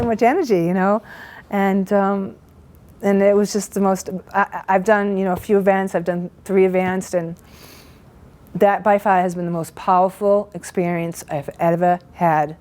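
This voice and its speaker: A woman's voice: medium pitch, steady tone, a little mellow. Shaky, earnest woman giving testimony. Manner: halting, earnest, full of restarts. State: shaky with emotion. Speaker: event participant giving a testimonial. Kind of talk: emotional personal testimony.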